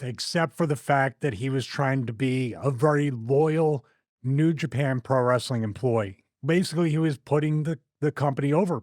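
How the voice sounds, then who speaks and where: A man's voice: medium pitch, no echo, clean studio sound. Opinionated Philly-accented man hosting. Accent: Philadelphia. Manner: animated, opinionated, laughs often. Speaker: wrestling show host. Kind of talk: casual podcast chat.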